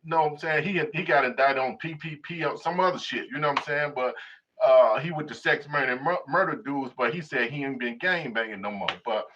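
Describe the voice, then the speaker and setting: A man's voice: medium pitch, fairly quick, highs cut off, noisy background. A man hosting casual commentary, mocking and profane, talking with emphasis. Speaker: host and commentator.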